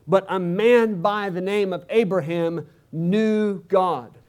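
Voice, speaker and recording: A man with a fairly high voice delivers a sermon to his congregation. He preaches in a conversational way, often stopping to ask rhetorical questions. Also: a little mellow. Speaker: pastor.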